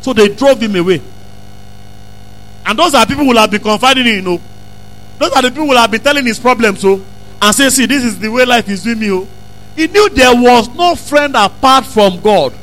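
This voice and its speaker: A man preaching a sermon, repeating phrases and breaking into emphatic shouts. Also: very high voice, animated, fairly quick, low-quality recording. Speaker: pastor.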